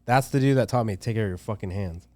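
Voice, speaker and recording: A man's voice: lowish voice, rapid-fire, a little mellow, no echo. A young man, a tattoo artist, chatting loosely on a podcast with lots of slang, swearing and filler words. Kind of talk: casual podcast chat.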